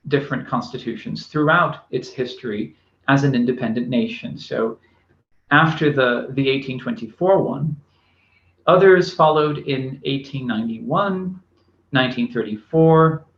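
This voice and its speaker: A man's voice: mid-range voice, a bit bright. A man giving a recorded university lecture, speaking with many fillers and restarts. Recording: echoey room, dull lo-fi sound.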